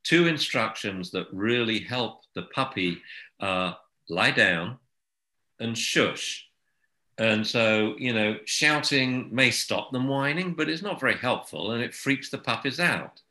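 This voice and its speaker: Calm, bright-voiced man in a roomy space. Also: mid-range voice, a little slow. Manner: calm, anecdotal, softens to a hush for soothing commands. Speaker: dog trainer. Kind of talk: casual advice chat.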